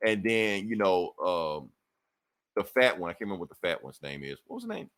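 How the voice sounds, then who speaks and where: A man's voice: low-pitched, huge pitch swings, a little fast, a bit bright. Casual, profane man recapping comics. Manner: loose, profane storytelling with frequent laughs. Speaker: podcast co-host.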